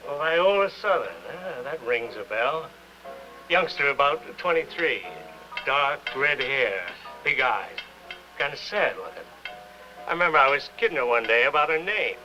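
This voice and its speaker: An actor playing a gruff older doorman at a rehearsal hall, blunt and folksy, in a 1950s television drama. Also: medium pitch, very animated, measured pace, music in the background. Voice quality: folksy, blunt, ungrammatical talk.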